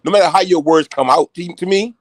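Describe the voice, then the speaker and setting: A man talking loudly and excitedly in casual chat with rough, profane language. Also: high voice, fast, no room sound. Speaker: show regular.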